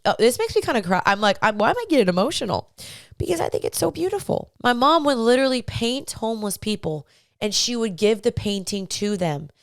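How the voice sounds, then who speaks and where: A young woman hosts a faith-based advice podcast with a smooth, clear voice. She talks straight to her listeners, chatty and encouraging. The sound is dry and close. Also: medium pitch, dry recording. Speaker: podcast host.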